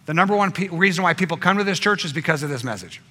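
Bright-voiced preaching man. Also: fairly high pitch, animated, rapid-fire. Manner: dynamic, swinging from emphatic to hushed. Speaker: pastor. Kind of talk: sermon.

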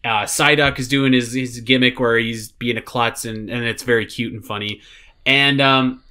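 A man's voice: mid-range voice, normal speed, smooth. A man co-hosting a podcast, chatting casually and animatedly about a show, with lots of fillers. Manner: animated, rambling with many fillers. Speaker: podcast co-host. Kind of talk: casual chat reviewing a show.

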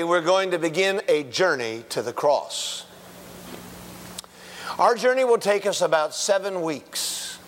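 A man's voice: fairly high pitch, in a large hall, slight background noise. A man preaching a sermon as pastor, in a conversational way with folksy asides and rhetorical questions.

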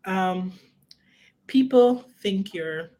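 A woman's voice: mid-range voice, extremely slow. A woman, a film writer and director, talking casually in an interview and often repeating herself. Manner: animated, repeats herself, frequent "you know what I mean".

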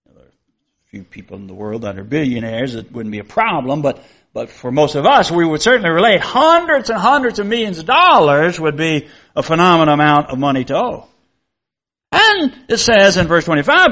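A man delivers a sermon in a fairly high voice, reading scripture and then explaining it plainly. He talks earnestly, often repeating words and leaning on key phrases. The recording sounds a little dull and lo-fi. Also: very animated, a little fast, sharp tone. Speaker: preacher.

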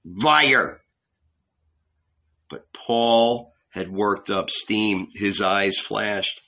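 A man narrating a novel in a measured storytelling manner. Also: on the low side, little pitch movement, a bit bright. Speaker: audiobook narrator. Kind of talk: scripted narration. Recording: dull lo-fi recording.

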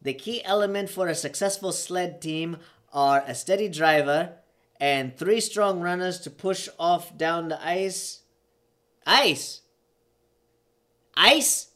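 A drunk man putting on a high-pitched Jamaican accent to play a cocky young pushcart racer who squawks indignant questions. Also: takes it slowly, fairly bright tone.

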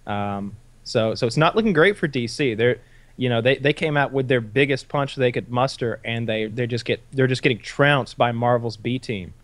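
Brief: mid-pitched man, dry close sound, talks things through, repeats words while thinking. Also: normal speed, a bit bright, dry recording. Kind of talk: casual chat. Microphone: video call.

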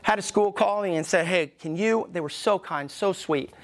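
Emphatic middle-aged male pastor preaching. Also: high-pitched. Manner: preaching with emphatic pauses, acting out quoted voices. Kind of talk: sermon. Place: church sanctuary.

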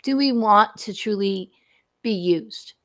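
A woman's voice: medium pitch, takes it slowly, a bit bright. A woman hosting an interview, speaking in an emphatic, frank and encouraging way. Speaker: host. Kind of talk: interview chat.

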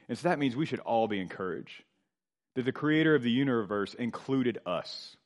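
A middle-aged man delivers a sermon at an ordinary pitch. He builds to loud, emphatic lines and then sinks to soft, low endings, slowing down on key words. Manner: expressive preaching, swelling louder then dropping low and quiet. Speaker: pastor.

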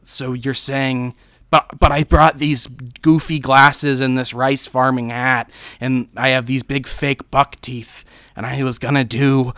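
A man's voice: mid-range voice, flat delivery, measured pace, fairly bright tone, clean tone, no echo, studio quality. A man impersonating a male movie star who sounds like a scary person trying to sound nice. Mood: eager. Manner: sinister false friendliness.

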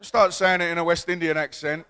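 A man, a pastor, preaching a lively call-and-response sermon in a church, building to shouts and coaxing the congregation to repeat words. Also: fairly high pitch, a little fast, smooth.

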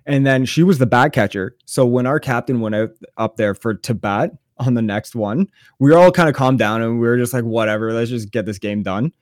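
A man spins a story on a podcast, sarcastic and full of swearing, with a mid-range voice. His telling is loose and animated, recorded dry and close with no room sound. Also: mid-range voice, fairly quick, hardly any pauses, no echo. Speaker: podcast co-host. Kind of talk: casual storytelling chat.

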